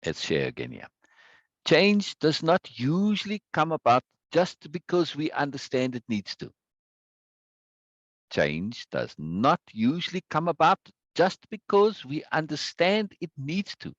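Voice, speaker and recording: A man's voice: on the high side, huge pitch swings, a little slow, dry recording, muffled recording. A man teaching a live online self-help course, stressing points by repeating words and reading viewers' chat aloud. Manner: greets viewers by name from chat.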